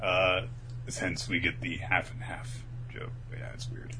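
Guy recapping a show on a podcast, really animated, slips into character voices, faint noise in the back. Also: low voice, a little slow. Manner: animated storytelling, acts out the characters' lines in raised voices. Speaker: podcast co-host recapping an anime. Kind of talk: casual chat.

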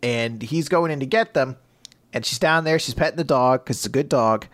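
A man casually recapping a comic chapter as a podcast co-host, acting out characters in high voices and laughing often. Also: normal speed, a bit bright. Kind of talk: casual chat, animated retelling.

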